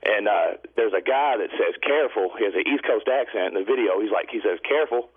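A man calls in to a talk show and tells his story in a rambling way, stopping and restarting with plenty of fillers. His voice is low and husky, and it comes through a narrow, tinny phone line. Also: fairly quick. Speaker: caller. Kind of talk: call-in storytelling. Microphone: telephone.

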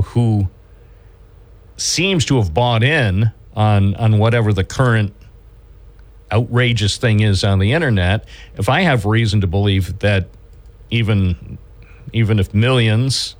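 A man hosting a radio talk show, rambling along and restarting his sentences as he chats with a caller. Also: fairly low pitch. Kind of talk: casual radio chat.

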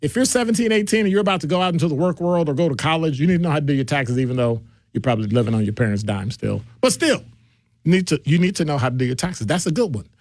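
A middle-aged man hosts a call-in radio talk show with a jokey, animated delivery. His voice sits a bit high and swings widely in pitch. The studio sound is dry and close. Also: racing, no echo.

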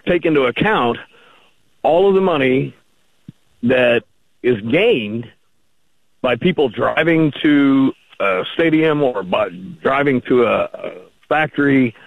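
Gravelly slow-talking man on a phone line. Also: medium pitch, dry recording. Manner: slow and gravelly, argues point by point. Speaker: caller. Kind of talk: phone-in caller on talk radio.

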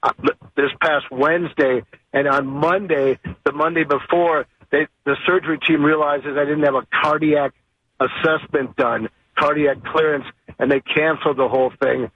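A man phoning in on a dull, lo-fi line, his voice husky and a bit higher than most. He tells his story in a chatty, easygoing way. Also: fairly even intonation, normal speed, no echo. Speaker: caller. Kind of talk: call-in complaint.

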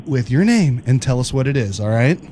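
A man's voice: medium pitch, very animated, fairly quick, background noise. A man hosting a radio show, joking and laughing through a playful game. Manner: jokey, playful, laughs often. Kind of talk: morning radio banter. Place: radio studio.

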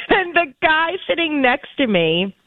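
A woman co-hosting a show, chatting in playful, animated banter and laughing often. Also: high voice, a little slow, dry recording, phone-quality sound. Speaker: show producer, co-host. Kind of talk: casual banter.

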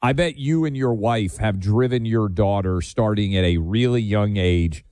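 A man's voice: lowish voice, normal speed, darkish tone, dry recording. A man hosting a political talk show, asking emphatic, incredulous, leading questions. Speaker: host.

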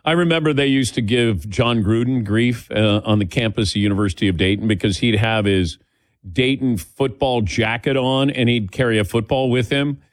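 Male radio host type, loose rambling chat, average pitch, dead-dry booth. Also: moderate pace, no echo. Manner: rambling, self-correcting. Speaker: radio talk show host. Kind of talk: casual sports talk chat.

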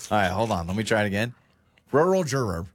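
A man's voice: on the low side, fairly even intonation, very fast, heavy background noise. A man co-hosting a show, casually trying tongue twisters and laughing at his own slips. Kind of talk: playful casual chat.

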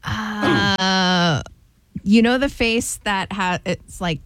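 A woman's voice: medium pitch, very slow, fairly bright tone, smooth, dry recording. A woman co-hosting a radio show, chatting casually and giggling often. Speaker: radio co-host. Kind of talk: casual on-air chat. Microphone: studio microphone.

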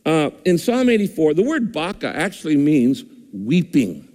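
A man preaching a sermon, emphatic and repetitive, speeding up and slowing down for effect. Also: a little high, big pitch swings, dark tone. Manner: emphatic, repeats phrases, shifts between fast and slow. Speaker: pastor. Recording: long hall reverb.

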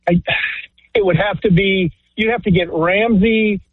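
A man calls in to a sports talk radio show over a tinny phone line. He has a fairly high voice and speaks in halting, stammering restarts. The sound is dry, with no room echo. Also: steady tone. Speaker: caller.

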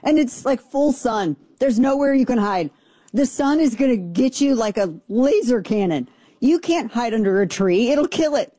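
A woman's voice: fairly high pitch, lively intonation, moderate pace, mellow, dry recording. A woman hosting a talk radio show, talking in a chatty, rambling way with jokey digressions, on a studio microphone.

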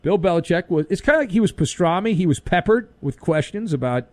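A man's voice: high-pitched, animated, fairly quick, darkish tone, dry recording. A man hosting an overnight sports talk radio show, delivering a sarcastic, punchy monologue into a studio microphone.

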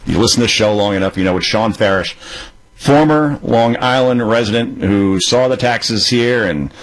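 A man's voice: on the low side, moderate pace, rough recording. A man hosting a radio show, chatting loosely and digressively. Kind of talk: casual radio talk.

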